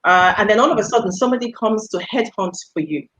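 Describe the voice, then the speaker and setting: Middle-aged woman, UK-born interview guest, animated storyteller, mid-range voice. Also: mid-range voice, fast, rough recording. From United Kingdom. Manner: animated storyteller, laughs often, acts out quoted voices. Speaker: guest, radio station executive. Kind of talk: casual interview chat.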